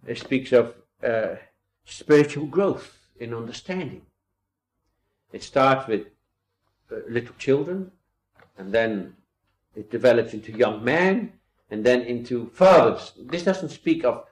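A man's voice: mid-range voice, darkish tone. Earnest man preaching a Bible sermon. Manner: quotes old-style scripture and builds to emphatic rises; earnest, with rhetorical questions.

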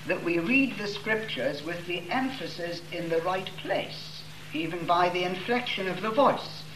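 A man preaching a sermon, reading scripture slowly and leaning hard on the key words. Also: a little high. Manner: slow, emphatic reading of scripture with stressed words. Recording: roomy echo with faint room noise.

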